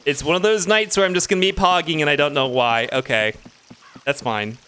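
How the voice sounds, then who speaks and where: A man casually commenting on his own gameplay as a streamer, excitable and talking to himself as he plays. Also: a little high, a little fast, slight background noise. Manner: excitable, talks to himself while playing.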